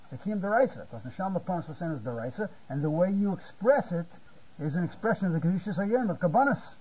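A man's voice: high voice, lively intonation, fast, warm tone, slightly rough, dull audio. A man giving a Torah lecture, often repeating words and checking "you see?". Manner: repeats words while searching for phrasing, asks "you see?". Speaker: Talmud teacher.

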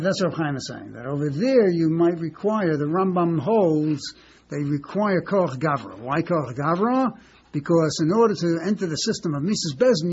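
A man teaching a Talmud class in a halting way, often repeating words and checking in with his listeners. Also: a little high, a little mellow. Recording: dull lo-fi recording with faint hiss.

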